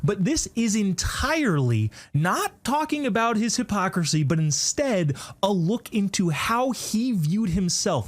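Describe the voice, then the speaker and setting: Speaking at a medium pitch, a talk show host offers sarcastic political commentary in monologue form, with mocking side remarks and a conversational delivery that keeps restarting.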